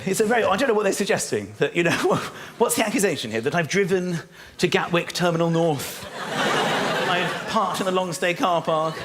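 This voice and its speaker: A man doing stand-up comedy as host, animated, laughing through his lines and acting out little voices. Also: a little high, fast, slight background noise. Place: large theatre with live audience. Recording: echoey venue with loud audience laughter.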